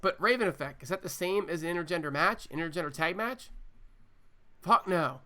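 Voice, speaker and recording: Emphatic bright-toned podcast man. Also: on the high side, animated, fairly quick. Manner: emphatic, repetitive, profane. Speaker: podcast co-host. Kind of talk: casual podcast chat.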